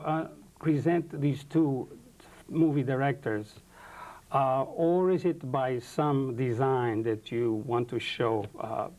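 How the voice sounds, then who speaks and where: A male interview host with a mellow, darker voice puts his questions slowly and haltingly, filling pauses with long hesitations as he feels his way through each sentence. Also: mid-range voice, low-quality recording. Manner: hesitant, halting phrasing with many fillers.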